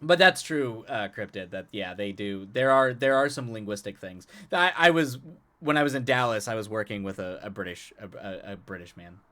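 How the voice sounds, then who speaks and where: A man's voice: lowish voice, expressive, moderate pace, bright, forceful tone. Chatty man streaming live to viewers. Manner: chatty, laughs often, repeats words and restarts. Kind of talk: casual chat with stream viewers.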